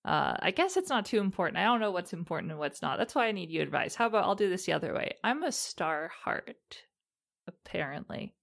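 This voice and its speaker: Hesitant woman with a gravelly voice. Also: lowish voice, sing-song, a little fast, a bit bright. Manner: hesitant and rambling, many fillers. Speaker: player. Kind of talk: casual in-character tabletop play.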